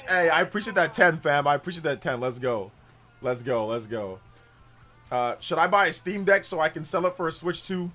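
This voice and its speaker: The voice here is a man's, on the high side with a fairly bright tone. Hosting a relaxed gaming stream, he goes on repetitively, sometimes getting worked up and defiant.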